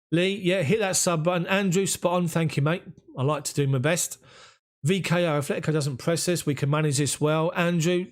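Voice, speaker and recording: A man with a London accent hosting a live football watch-along, chatting and thanking viewers by name as he reads their comments. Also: a little high. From England. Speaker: football fan channel host.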